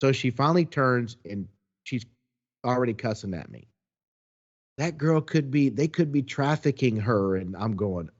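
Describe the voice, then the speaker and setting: A man casually telling a story as a podcast co-host, animated, acting out the quotes. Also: mid-range voice, moderate pace, lo-fi sound.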